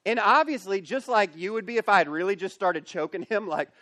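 A man with a notably high voice delivers a youth camp sermon as pastor. He tells the story with energy and slips into character voices. The sound is close and dry. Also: brisk, dry recording. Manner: animated, acts out characters in the story. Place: camp meeting space.

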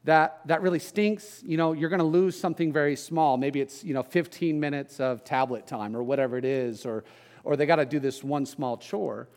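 A middle-aged pastor preaching in a conversational way, mixing scripture with folksy family stories and self-deprecating asides. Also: male voice, medium pitch, a little fast, darkish tone. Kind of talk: conversational sermon.

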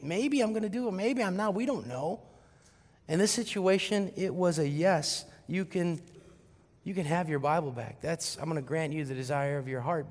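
A middle-aged man, a pastor, preaching a sermon and telling a family story with animated quoted voices. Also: fairly high pitch. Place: church sanctuary. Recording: long reverb of a church hall.

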